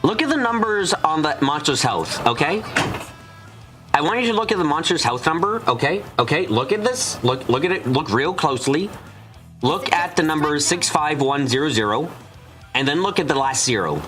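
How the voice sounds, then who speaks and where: A man giving gameplay commentary, baffled and profane, swearing at the plot. His voice is high and bright, with a lively pitch that jumps around, and faint game music plays underneath. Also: moderate pace. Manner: incredulous, profane, exasperated. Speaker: let's play host.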